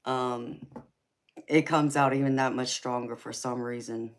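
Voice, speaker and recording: Her voice is extremely low-pitched, steady in tone, and measured in pace. This Southern US tarot reader hosts a casual live stream, laid-back and giggly, laughing often and addressing viewers as baby and honey.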